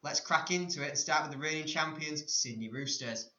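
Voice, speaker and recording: Dry, wry male podcast host, bright voice, echoey muffled room. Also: fairly high pitch, fairly quick. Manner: dry, mock-exasperated, keeps the show on track. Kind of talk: casual chat. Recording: roomy, muffled lo-fi home recording.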